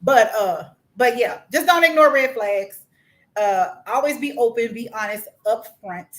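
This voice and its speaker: A woman's voice: a little high, animated, a little slow, a bit bright, poor audio. A woman from Mississippi, chatting easily as a podcast guest, using many fillers. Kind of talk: casual chat.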